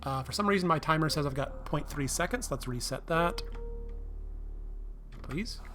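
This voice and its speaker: A tired man streaming a game, thinking aloud in a relaxed, self-deprecating way. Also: on the high side, fairly quick, soft background music. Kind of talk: casual live-stream commentary.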